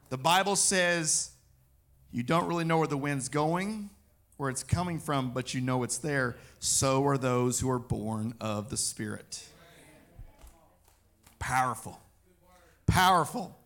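A man preaching a personal testimony, telling his story in an animated way and acting out what he said. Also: mid-range voice, measured pace.

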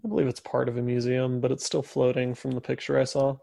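A man chats through a story on a casual podcast. His voice carries a gravelly edge, and his telling is loose, full of fillers and easy laughs. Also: medium pitch, little pitch movement, quick pace, warm tone. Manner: chatty, laughs often, filler-heavy storytelling.

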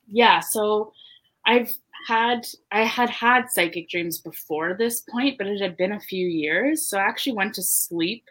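A young woman telling a personal story on a casual podcast. She talks in a loose, chatty way, fills her sentences with "like" and "you know", and laughs easily. Her voice sits at an ordinary middle pitch. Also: unhurried, fairly bright tone. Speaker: podcast co-host.

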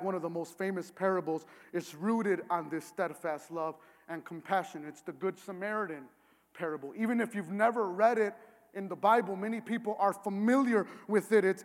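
High-voiced man preaching in a reverberant hall. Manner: earnest, builds to emphatic near-shouting. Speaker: pastor. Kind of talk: sermon.

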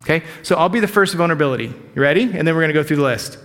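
A man's voice: fairly high pitch, animated, racing, a bit bright, big-room sound. A middle-aged male pastor giving a candid, conversational sermon, openly sharing his own struggles with the congregation. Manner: candid, conversational, self-disclosing. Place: church sanctuary.

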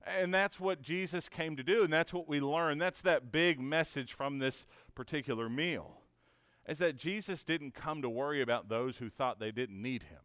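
A man's voice: fairly high pitch, normal speed, fairly bright tone, clear, resonant tone, dry recording, clean studio sound. A man teaching a conversational Bible lesson in an earnest, encouraging way, asking many rhetorical questions and often checking in with "right?".

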